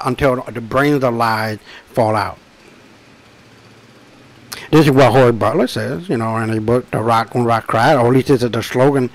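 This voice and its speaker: A man presenting his own book in a rambling monologue, emphatic and profane, often slowing to drag out his words, with frequent restarts and asides. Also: mid-range voice, rough recording. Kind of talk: rambling direct-to-camera monologue.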